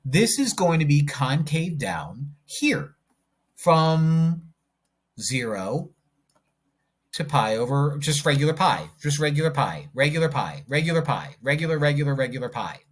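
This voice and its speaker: Man, math teacher, husky, slow, jokey, thinks aloud while drawing graphs. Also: on the high side, very animated. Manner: jokey, talks to himself while working problems.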